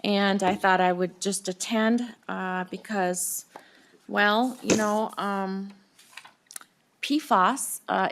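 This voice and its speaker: A woman's voice: medium pitch, a bit bright. Woman running a committee hearing, jokey and loose, lots of ums. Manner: chatty, joking, lots of fillers. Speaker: committee chair. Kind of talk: chairing a legislative hearing. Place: hearing room.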